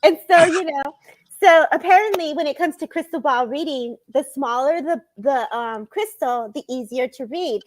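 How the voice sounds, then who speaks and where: A bubbly woman chats and laughs her way through a live stream. Her voice sits high, and she sounds like she is on a video call. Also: moderate pace, no echo. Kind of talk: casual chat on a live stream.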